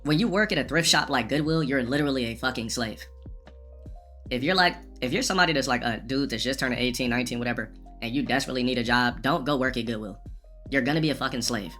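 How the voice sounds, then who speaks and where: Male streamer, quick profane rambler, casual anecdote delivery. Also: mid-range voice, pushed and bright, faint music behind. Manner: rambling, profane, restarts often. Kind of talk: casual storytelling rant.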